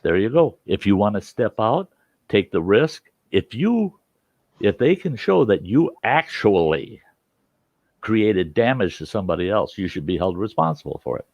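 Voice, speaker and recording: A man's voice: fairly low pitch, big pitch swings, normal speed, darkish tone, no room sound, highs cut off. A man from the United States hosting a talk show, arguing insistently and repeating his points. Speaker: host. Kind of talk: heated casual debate.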